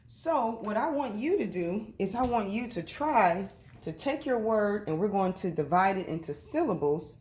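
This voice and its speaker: A woman teaching a reading lesson to children, speaking slowly and sounding out each syllable. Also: fairly low pitch, darkish tone, a little hiss or hum.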